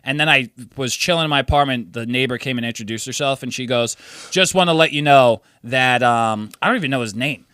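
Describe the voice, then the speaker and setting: A man's voice: medium pitch, brisk, bright, forceful tone, clean tone, no room sound, studio quality. A young man casually telling a story on a podcast, swearing freely and acting out what people said. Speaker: podcast co-host. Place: New York City apartment.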